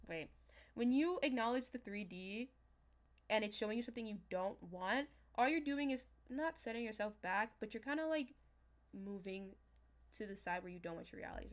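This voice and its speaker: A young woman chatting casually on a livestream as a manifestation coach, talking straight to her viewers in a loose, animated way. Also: fairly high pitch. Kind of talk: casual livestream talk to chat.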